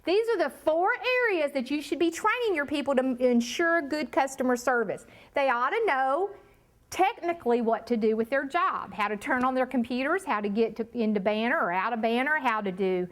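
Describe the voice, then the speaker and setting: A woman's voice: sits high, expressive, brisk. A woman leading a live training workshop, talking emphatically and addressing the room directly.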